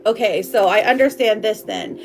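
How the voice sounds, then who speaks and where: A woman's voice: mid-range voice, moderate pace, soft background music. A woman doing a live tarot reading for viewers, bubbly and affectionate, chatting loosely with lots of fillers and laughs. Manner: affectionate, calls viewers girl and my love. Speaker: tarot reader.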